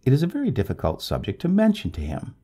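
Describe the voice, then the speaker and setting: A man voicing a composed, wryly reasonable newlywed woman over thirty, in a raised falsetto, for a storybook reading. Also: wildly swooping pitch, quick pace, mellow, breathy edge.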